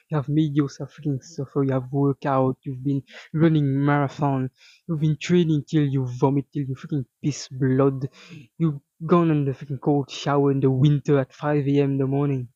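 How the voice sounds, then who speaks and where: A man's voice: fairly high pitch, dark tone, no room sound. A young man giving an intense, profane motivational monologue for his fitness vlog, rambling with lots of fillers. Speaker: fitness vlogger. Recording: dull lo-fi dry sound.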